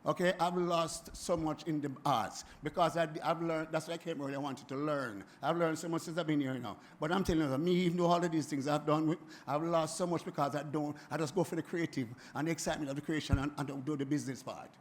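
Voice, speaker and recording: A Jamaican man in his seventies, speaking at a forum in an animated, emphatic way that keeps circling back and repeating itself. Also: fairly high pitch, fast talker, few pauses. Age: 70s. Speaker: music producer speaking at a forum. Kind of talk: impassioned spoken address.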